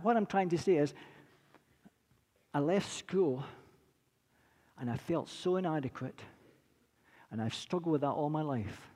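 A man in his sixties preaching a sermon, earnest and repetitive, rising from quiet to impassioned. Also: a little high. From Britain. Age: 60s. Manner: earnest, building from quiet to impassioned, repeats phrases. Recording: long reverb of a large hall.

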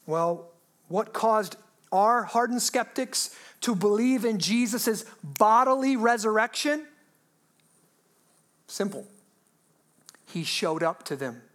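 A woman pastor preaching a sermon in a lively, humorous way, asking her listeners rhetorical questions. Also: fairly high pitch.

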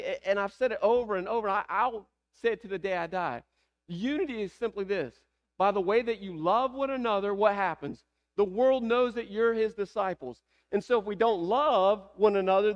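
A man's voice: sits high, muffled recording. A man with a Southern American accent preaching a sermon, asking the congregation rhetorical questions. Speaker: pastor.

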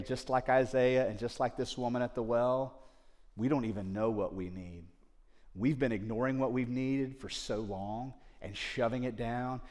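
A man preaching a sermon, telling a story in a lively way and acting out the dialogue. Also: mid-range voice, in a large hall. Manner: animated storytelling that acts out quoted dialogue.

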